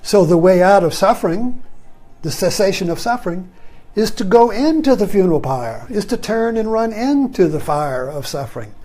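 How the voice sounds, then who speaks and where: A man with a fairly high voice gives a meditative spiritual talk in a loose, conversational way. He rambles and circles back, often ending a thought with a soft, low "you see.". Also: expressive, moderate pace. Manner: repeats "you see" softly, drops low at phrase ends. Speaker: spiritual teacher.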